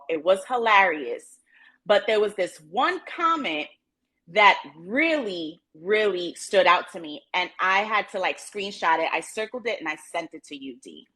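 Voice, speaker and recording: A woman co-hosting a relationship podcast, telling stories in a casual, slangy, animated way. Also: medium pitch, moderate pace. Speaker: podcast co-host.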